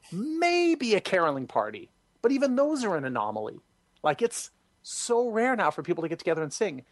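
A man being interviewed, telling stories expressively and acting out quoted voices, with sudden high jumps for emphasis. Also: no room sound. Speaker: guest, singer and former music director. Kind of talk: animated interview storytelling.

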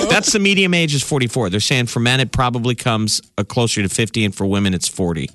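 A man with a Southern drawl hosts a relaxed conversation, rattling off survey numbers with chatty asides. His voice sits at a middling pitch. The sound is close and dry, with no room around it. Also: no echo. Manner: chatty, reads out study figures with asides. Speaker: podcast host. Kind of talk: casual chat.

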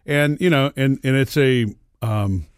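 Man co-host, calm explainer, close dry mic. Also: medium pitch, unhurried, smooth, no echo. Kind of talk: casual chat.

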